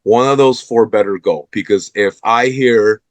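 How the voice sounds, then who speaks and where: A man's voice: lowish voice, a little slow, dry recording. Fired-up man hosting a sports talk show. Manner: fired up and emphatic, calling out the team's owners.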